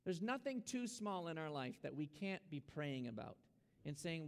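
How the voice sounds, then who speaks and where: Pastor guy preaching, kinda gravelly, slightly high voice, long church echo. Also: sing-song, moderate pace. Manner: earnest preaching, urging and exhorting. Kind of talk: sermon. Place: church sanctuary. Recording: long hall reverb.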